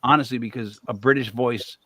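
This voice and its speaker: A man hosting a podcast in casual chat, animated and swearing freely. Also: medium pitch, a little fast, dry recording. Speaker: podcast host.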